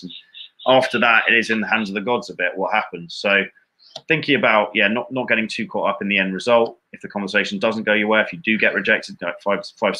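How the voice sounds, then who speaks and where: Dude reading viewer questions on a live stream, talks fast, super bright tone. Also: male voice, lowish voice. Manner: casual, reads viewer questions, swears. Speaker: dating coach co-host. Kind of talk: live Q&A chat.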